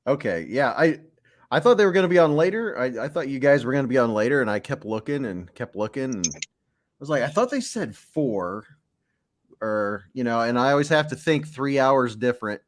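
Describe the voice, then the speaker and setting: A man's voice: mid-range voice, expressive, a little fast. A man co-hosting a livestream, chatting casually, asking questions and laughing easily. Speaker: livestream co-host. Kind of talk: casual chat.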